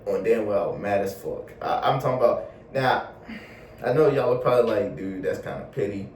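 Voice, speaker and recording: A man's voice: on the low side, normal speed, a little hiss or hum. Young guy ranting a storytime, lots of slang and cussing, kinda far from the mic in an echoey room. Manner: slangy, animated, swears a lot. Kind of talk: casual storytime vlog. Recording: roomy echo, a bit off mic, faint ambience.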